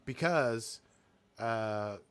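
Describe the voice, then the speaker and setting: A man's voice: mid-range voice, extremely slow, smooth, no room sound. A man co-hosting a casual podcast chat, rambling and hesitant with lots of ums and restarts. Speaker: podcast co-host.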